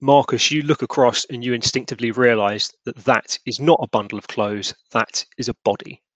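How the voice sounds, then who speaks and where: A man running a tabletop role-playing game, narrating scenes in a relaxed, descriptive way. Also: mid-range voice, brisk, dry recording. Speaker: game master.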